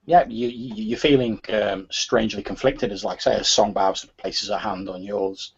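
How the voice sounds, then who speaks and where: Husky, low-voiced game master. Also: male voice, moderate pace. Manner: hesitant, with frequent "sort of" fillers. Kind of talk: narrating a tabletop game. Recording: husky, muffled lo-fi recording.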